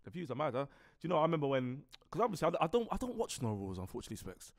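A British man co-hosting a podcast, with a slightly high voice that swings widely in pitch. He rambles through stories in a playful, laid-back manner. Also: huge pitch swings, racing. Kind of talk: casual podcast chat.

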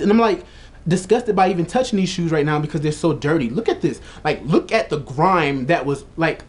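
Young guy vlogging to his camera, kinda high voice, cussing a lot and saying like every other word. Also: brisk. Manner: profane, animated storytelling with lots of "like". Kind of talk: casual vlog rant.

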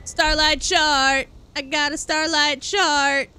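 A woman streamer giving excitable, exclamatory live gameplay commentary, swearing freely. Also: high voice, slow, a little hiss or hum.

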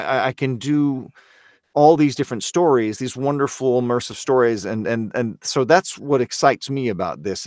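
A man's voice: lowish voice, no echo, studio quality. A man from Canada, a voice actor guest, talking earnestly and self-critically in a casual podcast interview.

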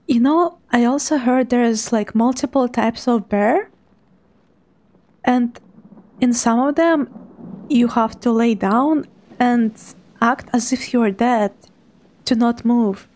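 A young woman, quietly commentating a live game stream in a hushed, soft voice. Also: a little high, slow, long pauses. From Russia. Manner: hushed, softly spoken to avoid making noise.

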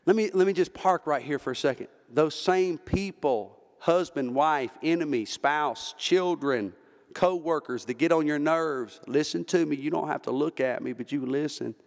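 A Southern American man preaching a Baptist sermon with fervor, his voice sitting high for a man. He builds to shouts at the peaks. His words ring through a church sanctuary with a long reverb tail. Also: moderate pace, gravelly. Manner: fervent, rises to shouting at peaks. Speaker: pastor.

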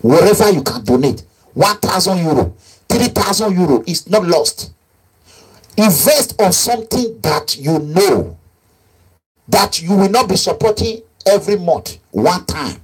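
A man's voice: high-pitched, sing-song, unhurried, breathy edge. A man hosting a live online call-in, pleading and repeating himself. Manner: pleading, repeats himself, switches into Nigerian pidgin. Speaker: online talk host. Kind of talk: live-streamed call-in talk.

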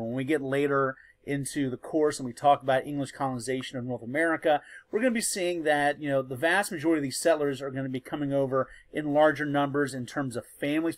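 A man's voice: fairly high pitch, fairly bright tone, no echo. A male history teacher lecturing in a loose, conversational way, with many fillers and restarts.

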